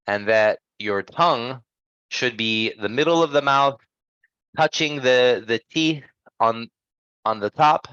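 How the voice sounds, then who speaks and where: A man leads an English pronunciation class, taking his time over each sound. He checks in with the students often and models words slowly for them to repeat. His voice comes through a little muffled and dry, as if over a basic mic. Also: mid-range voice, a bit bright, clear, resonant tone, no room sound. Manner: patient, checks in with "okay?" often. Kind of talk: online pronunciation lesson.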